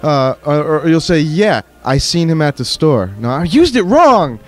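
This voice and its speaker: A man's voice: on the high side, big pitch swings, a little slow, faint music behind. A man co-hosting a radio show, dry and teasing in casual banter. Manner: dry, teasing, laughs often. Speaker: radio co-host.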